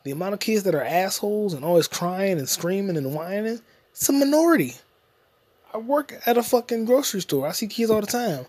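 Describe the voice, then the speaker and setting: A man's voice: sits high, animated, fairly quick, darkish tone, dry recording. A man hosting a solo podcast, ranting in a crude, rambling, jokey way with bits of singing. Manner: profane, rambling, jokey, sings snatches. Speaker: podcast host.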